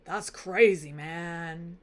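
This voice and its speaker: A woman's voice: lowish voice, extremely slow, voice pushed down. A woman voicing a laid-back, sympathetic king in a drawling, casual way during a storytelling lesson. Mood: easygoing.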